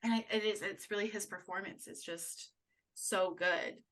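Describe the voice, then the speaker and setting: Podcast co-host, female, bright tone, agreeable musing chat. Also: medium pitch, fairly even intonation, moderate pace. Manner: frequent agreeing backchannels, musing opinions. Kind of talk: casual chat.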